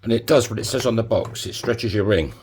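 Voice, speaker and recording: A man's voice: lowish voice, a little fast, a little mellow, a little hiss or hum. A man giving a casual DIY tutorial in his home workshop, chatty and jokey with self-mocking asides. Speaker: coin ring maker.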